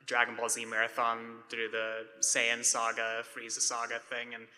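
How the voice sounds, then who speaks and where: A man's voice: mid-range voice, monotone, normal speed, bright, forceful tone, big-room sound. A man in a convention audience asking a question, casual and hesitant, with many fillers.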